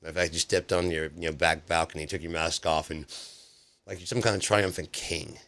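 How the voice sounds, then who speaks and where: A man's voice: sits low, fairly even intonation, a little fast, a bit bright. A man hosting a livestream, ranting about politics in a profane, sarcastic way with many restarts. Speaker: livestream host. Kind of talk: casual political rant on a livestream.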